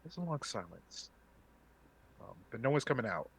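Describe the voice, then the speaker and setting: A man's voice: mid-range voice, big pitch swings, normal speed, vocal fry, breathy edge. A man narrating a tabletop game as game master, casual and full of fillers.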